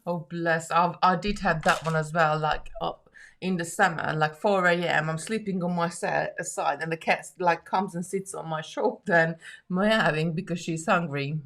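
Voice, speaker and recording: A woman's voice: on the low side, fairly even intonation, moderate pace, creaky, fairly bright tone. A woman hosting a live jewellery-making stream, chatting casually, reading viewer comments aloud and laughing often.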